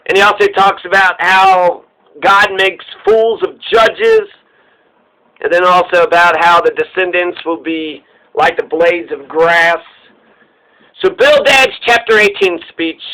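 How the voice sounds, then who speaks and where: A man's voice: high voice, pushed and bright, low-quality recording. A man giving casual, irreverent commentary, ranting with plenty of profanity. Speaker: podcast host.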